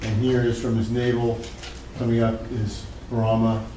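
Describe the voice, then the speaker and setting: A man's voice: medium pitch, flat delivery, moderate pace, noisy background. A man giving a classroom lecture as a psychology professor, loose and conversational, with many fillers and asides.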